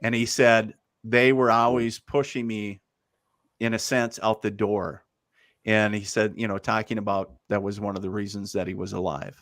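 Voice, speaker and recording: A man's voice: on the low side, little pitch movement, normal speed, fairly bright tone, no echo, clean studio sound. A man, a guest medium, telling stories in a casual, rambling way with lots of fillers. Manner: rambling, many fillers, laughs easily. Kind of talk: casual storytelling.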